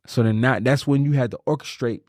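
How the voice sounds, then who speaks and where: Young man, podcast co-host, casual animated chat, middle-pitched voice, dry close mic. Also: a little fast, no echo. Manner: animated storytelling, pitch jumps when emphatic.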